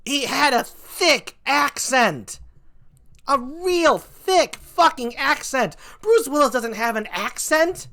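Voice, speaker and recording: Animated stand-up comedian, bright voice. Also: male voice, takes it slowly. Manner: animated, swings from mock outrage to low asides. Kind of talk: comic stand-up rant.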